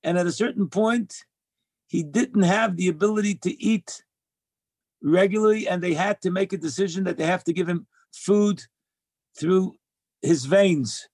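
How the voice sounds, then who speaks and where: A man's voice: high-pitched, measured pace, a little mellow, no room sound. A man giving a heartfelt religious talk, earnest and emphatic, repeating key phrases as he shares Torah lessons. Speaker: speaker sharing Torah lessons.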